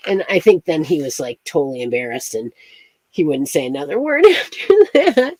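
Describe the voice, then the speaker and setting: A woman with a lowish voice chats casually with her livestream viewers. She rambles from one story to the next with lots of laughter, and her pitch swings widely up and down. The sound is close and dry. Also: very animated, moderate pace, husky, no echo. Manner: rambling, laughs often between thoughts; chatty and playful, greets viewers by name. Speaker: astrology streamer.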